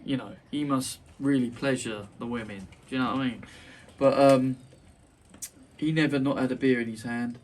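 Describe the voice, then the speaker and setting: A man's voice: medium pitch, fairly even intonation, moderate pace, a little mellow. A man hosting a casual podcast chat, boisterous, joking and sweary. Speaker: podcast host. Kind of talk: casual banter. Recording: distant mic with faint noise.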